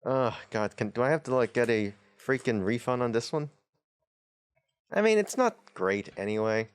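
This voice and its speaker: A man's voice: medium pitch, animated, moderate pace, smooth. A man hosting a casual card-opening video, reading card text aloud with wry, chatty asides. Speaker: host of a tabletop channel. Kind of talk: casual unboxing commentary.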